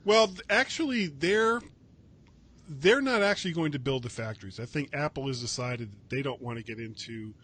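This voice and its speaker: A man's voice: mid-range voice, normal speed, a bit bright. A man hosting a casual tech news chat, rambling and correcting himself with wry asides. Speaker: podcast host.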